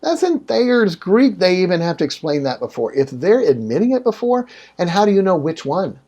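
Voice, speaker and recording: A man speaking in a casual interview conversation, telling stories in an animated way with sudden jumps in pitch. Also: normal speed.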